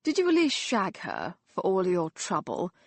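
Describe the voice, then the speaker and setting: A woman voicing a drunken, mocking young Victorian gentleman who talks loudly and slurs his words. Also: lowish voice, wildly swooping pitch, normal speed, no room sound, full character voice. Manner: loud, slurring, teasing.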